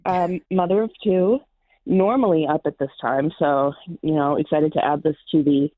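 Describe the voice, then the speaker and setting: An upbeat woman in her thirties chats as a caller to a late-night show. Her voice is low. The call comes through a dry, tinny phone line. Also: steady tone, moderate pace, no room sound. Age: 30s. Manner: chatty, upbeat.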